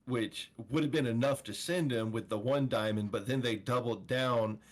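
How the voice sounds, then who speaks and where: A man with a mid-pitched voice in relaxed podcast chat. He chimes in easily and goes along with the others. He talks about film in a plain, easygoing way. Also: moderate pace. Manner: laid-back, agreeable, chimes in. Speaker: podcast co-host. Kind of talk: casual film review chat.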